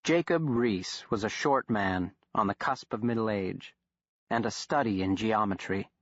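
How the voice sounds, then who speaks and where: Male horror audiobook narrator, steady, even delivery, dry, muffled studio sound. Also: lowish voice, a little slow, dry recording. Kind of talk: scripted narration. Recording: dull, dry studio recording.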